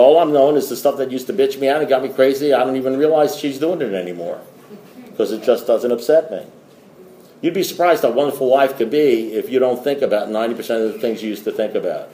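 A man's voice: medium pitch, warm tone, a little hiss or hum. A middle-aged man giving a blunt, rambling recovery talk to a group, swearing and repeating himself. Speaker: AA meeting speaker.

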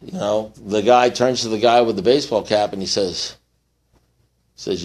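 A man speaking at a recovery meeting, telling a long joke and acting out the characters in a rising, excited voice. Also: on the low side, a little slow, pauses often, noisy background. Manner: animated storyteller, acts out characters in rising voice.

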